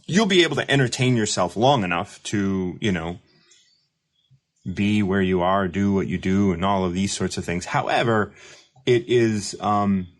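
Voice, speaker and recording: Male host, deep voice, rambling reflective livestream talk. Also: moderate pace. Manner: rambling, reflective, many fillers and restarts; reads viewer comments aloud. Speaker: recovery mentor and show host. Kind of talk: casual livestream monologue.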